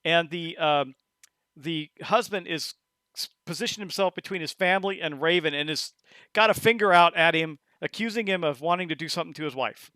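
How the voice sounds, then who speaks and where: A man with a high, bright voice runs a tabletop horror session as game master. He narrates in halting bursts, restarting often, and the sound is dry and close. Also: dry recording. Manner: halting, with many restarts and acted quotes.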